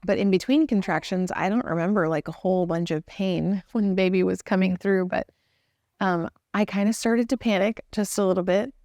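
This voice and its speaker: A woman's voice: medium pitch, normal speed, dark tone, no echo. A young woman with a Texan accent telling her own story in a casual, earnest, chatty way with fillers. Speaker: new mother telling her birth story.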